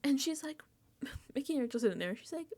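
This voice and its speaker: A woman's voice: sits high, animated, a little fast, a little mellow. A woman hosting a casual reality TV recap, talking animatedly, laughing often and acting out quoted lines.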